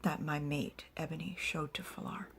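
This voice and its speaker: A woman voicing a gentle, wise female unicorn in a soothing whispered role-play. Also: sits low, little pitch movement, moderate pace, vocal fry, slight background noise. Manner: soothing and reassuring.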